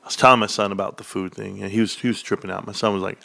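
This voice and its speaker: A man's voice: on the low side, fairly even intonation, racing, creaky, sharp tone. A man hosting a casual livestream, telling rambling joking stories with lots of "bro" and frequent laughter. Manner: rambling, joking storyteller who says "bro" a lot. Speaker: stock livestream host.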